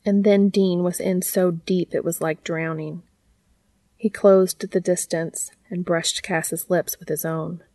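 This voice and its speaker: A woman reading fiction aloud in a soft, unhurried, intimate way. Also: on the low side, steady tone, dry recording.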